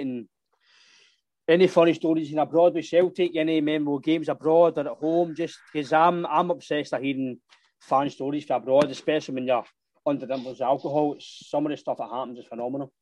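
Host, rambling, dry close mic. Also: male voice, fairly high pitch, fairly even intonation, fast talker, a little mellow, no room sound. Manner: rambling, with many fillers and restarts. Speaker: podcast host. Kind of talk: casual chat.

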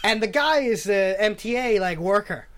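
A man telling a long, animated story in casual chat. He acts out the people he quotes, swears freely and laughs often. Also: high voice, moderate pace. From New York.

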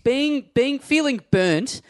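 A man, co-hosting a live podcast with casual, laughing banter and quick reactions. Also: very high voice, animated, no room sound, clean studio sound. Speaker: podcast co-host.

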